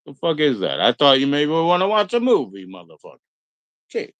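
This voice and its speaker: Man, middle-aged, livestream host, casual rambling, profane, animated pitch, dry close sound. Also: brisk, no room sound, dull audio. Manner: rambling, profane, mocking voices of others.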